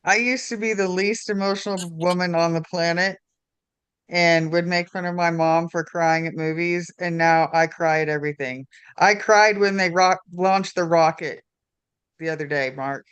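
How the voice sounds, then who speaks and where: A woman's voice: on the low side, steady tone, moderate pace, clear, resonant tone, dry recording, lo-fi sound. A woman guest in a casual live podcast chat, playful and teasing.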